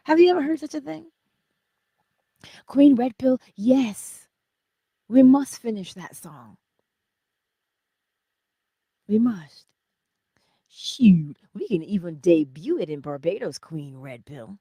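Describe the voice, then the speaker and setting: Chatty middle-aged woman, mellow husky voice. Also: mid-range voice, big pitch swings, takes it slowly, long pauses, no echo. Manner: chatty storytelling, drifts into soft whispers, laughs often. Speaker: host of a morning livestream. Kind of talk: casual spiritual chat to live viewers.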